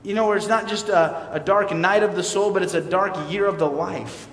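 A man preaching a sermon in an earnest, candid way, swinging between loud and quiet. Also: high-pitched, normal speed. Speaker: pastor. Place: church sanctuary. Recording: roomy hall reverb, mic far off.

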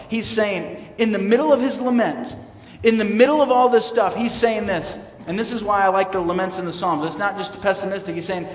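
A man preaching a sermon in an earnest, candid way, swinging between loud and quiet. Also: high-pitched, brisk. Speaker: pastor. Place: church sanctuary. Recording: roomy hall reverb, mic far off.

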